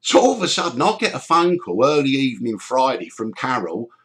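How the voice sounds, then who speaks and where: Man, middle-aged, storytelling podcast host, lively pitch, swears a lot, does voices. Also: brisk. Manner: animated, swears freely, acts out quoted voices. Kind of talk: storytelling chat.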